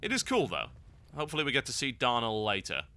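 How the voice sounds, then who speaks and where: A man's voice: medium pitch, huge pitch swings, fast talker, bright, forceful tone. A man hosting a game guide, giving wry, sarcastic gameplay commentary.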